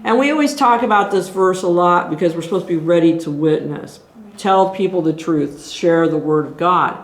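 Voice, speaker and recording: A woman's voice: fairly low pitch, normal speed. A woman leading a group Bible study, teaching in an earnest, exhorting way as she thinks aloud. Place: church meeting room. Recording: echoey room.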